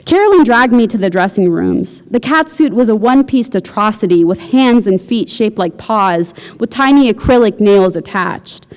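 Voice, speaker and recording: A woman, a visiting writer, reading her fiction aloud at a university event in a steady, measured way. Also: medium pitch. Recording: long hall reverb.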